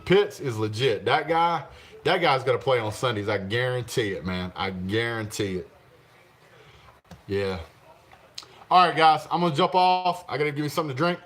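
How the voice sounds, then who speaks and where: A man's voice: a little high, fairly bright tone. A man hosting a casual live stream, reading viewer comments aloud, laughing often and answering the chat. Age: adult, father of young children. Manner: chatty, laughs often, talks back to the chat.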